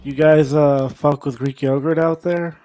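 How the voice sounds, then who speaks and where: A male stand-up comic performs a set on stage, his voice sitting a little high for a man. He talks loud and profane, egging the audience on between jokes. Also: fairly even intonation, unhurried. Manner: loud, profane, crowd-work banter. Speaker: stand-up comedian. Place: comedy show stage.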